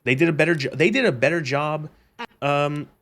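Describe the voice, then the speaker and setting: A man's voice: a little high, fairly even intonation, a little fast, creaky, a bit bright. A man streaming a game, ranting casually with lots of swearing and fillers. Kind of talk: casual gameplay commentary and rant.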